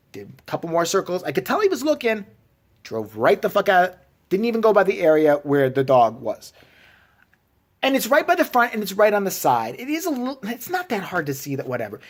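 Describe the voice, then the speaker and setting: A man from Chicago rants on his vlog, cursing and exasperated as he tells the story. His voice swings widely up and down, and he slips into other people's voices as he retells what they said. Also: sits high. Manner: profane, exasperated, acts out other people's lines. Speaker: vlogger. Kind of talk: ranting storytelling.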